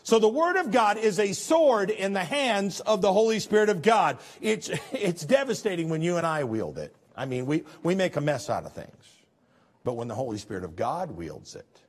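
A male pastor preaching a sermon in a folksy, conversational way, his voice sitting a little higher than most men's. He swings from emphatic, driving lines down to soft, hushed asides, with restarts along the way. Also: very animated, normal speed.

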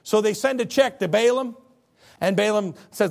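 A man's voice: high voice, normal speed, creaky. A man preaching a sermon as a pastor, telling stories with comic character voices.

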